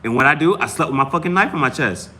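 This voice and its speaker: A man's voice: mid-range voice, lively intonation, quick pace, bright, forceful tone. A man hosting a live tarot stream, talking in a rambling, profane, emphatic way and often restarting his sentences. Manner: repeats and restarts phrases. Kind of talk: casual live-stream talk.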